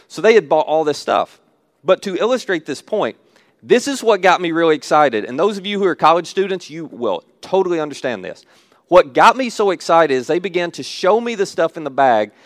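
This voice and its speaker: A man preaching a sermon, telling stories with animated acted-out asides. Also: fairly high pitch, dry recording, clean studio sound. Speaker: pastor.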